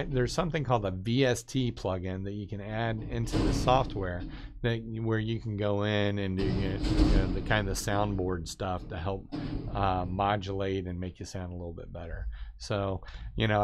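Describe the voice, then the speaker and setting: A man with a nasal voice chatting casually on a live stream, rambling with many restarts. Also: on the low side. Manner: rambling, restarts often, excitable.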